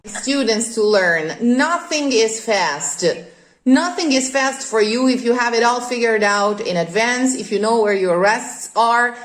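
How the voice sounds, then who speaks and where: A woman's voice: fairly high pitch, expressive, unhurried. A woman coaching a singer on Italian opera diction, explaining rules and singing short phrases to show them. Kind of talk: vocal coaching lesson. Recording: echoey room.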